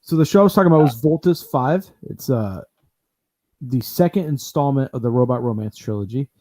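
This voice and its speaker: A man's voice: mid-range voice, animated, fairly quick, mellow. A man hosting a casual talk show, chatting loosely with many fillers and restarts. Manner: rambling, lots of fillers and restarts. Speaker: podcast host. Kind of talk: casual chat.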